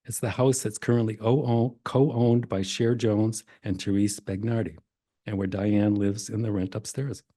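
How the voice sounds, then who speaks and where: Low, mellow-voiced older man telling family history. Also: moderate pace, dry recording, studio quality. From Maine. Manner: relaxed, self-deprecating storyteller reading old records aloud. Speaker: genealogy presenter. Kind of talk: library presentation to a society audience. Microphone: presenter mic in a library meeting room.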